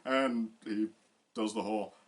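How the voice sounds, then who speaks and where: A man's voice: on the low side, steady tone, a little slow. A man co-hosting a casual discussion, rambling with many fillers and restarts. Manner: bursts into loud acted quotes. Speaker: co-host.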